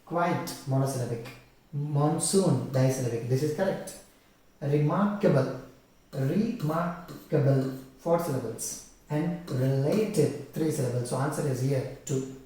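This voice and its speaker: A man's voice: medium pitch, moderate pace, warm tone. A man, giving an exam-prep lecture on teaching methods and walking through questions with the key terms repeated. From India. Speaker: English teacher. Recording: very echoey room, voice from a distance.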